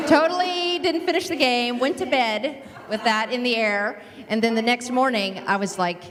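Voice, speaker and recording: A woman's voice: on the high side, normal speed, a bit bright. An American woman telling a funny confession about a card game, acting out her own outbursts. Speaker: panel guest at a women's church event. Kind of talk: casual storytelling on stage. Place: church event hall. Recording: long hall reverb from a church PA.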